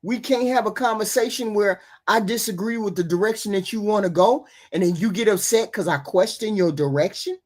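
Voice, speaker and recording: A woman's voice: medium pitch, fairly quick, few pauses, a little mellow. A woman hosting a livestream who argues with impassioned force. She repeats phrases and piles question on question, and her voice sits in the middle of the range for a woman. It comes over a remote call. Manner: impassioned, argumentative, repeats herself. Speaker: host. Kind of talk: livestream talk show.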